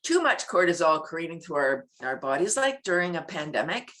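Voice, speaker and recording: The interviewee, a woman who teaches laughter yoga, has a low voice and a moderate pace. Her delivery is lively, punctuated by lots of laughing and playful sound effects.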